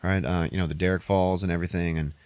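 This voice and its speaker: A man's voice: deep voice, steady tone, fast talker, darkish tone, clear, resonant tone, dry recording. A young man hosting a podcast, recapping a movie in a rambling, swear-heavy casual way. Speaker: podcast host.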